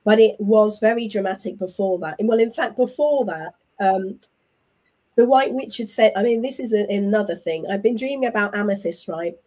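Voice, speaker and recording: A middle-aged woman with an English accent, a guest telling her story in a chatty, animated way and acting out what others said. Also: medium pitch, moderate pace. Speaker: interview guest. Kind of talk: casual conversational storytelling.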